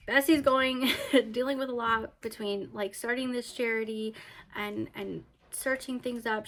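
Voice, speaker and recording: A woman's voice: a little high, fairly bright tone, slight background noise. A woman giving a casual book review, retelling the plot in a chatty way with many fillers and restarts.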